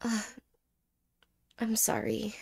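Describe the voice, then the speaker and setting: Whispered role-play: a woman plays a wistful, apologetic ex-girlfriend with a fairly high, gravelly voice, halting and soft. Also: completely flat delivery, full character voice. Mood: tender. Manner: halting, hesitant, soft-spoken with whispered words.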